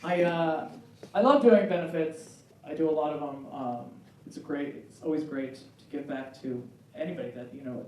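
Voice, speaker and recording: A woman in her forties doing a stand-up comedy set on a club stage, talking in an animated way and acting out bits in high, excited voices. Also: slight background noise. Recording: roomy club sound from a distance with a loud crowd.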